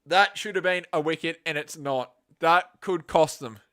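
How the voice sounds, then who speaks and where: A man hosting a casual live reaction stream of a match, swinging from quiet muttering to loud, exasperated outbursts and swearing bluntly. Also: fairly high pitch, moderate pace.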